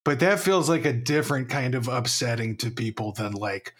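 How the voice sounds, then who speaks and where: A man's voice: mid-range voice, lively intonation, normal speed, fairly bright tone. A man co-hosting a podcast, chatting casually in a wry, joking way with long musing sentences. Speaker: podcast co-host.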